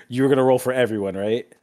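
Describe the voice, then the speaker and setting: A man acting as game master in a casual tabletop game session, relaxed and quick to laugh. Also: medium pitch. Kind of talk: running a tabletop game over voice chat.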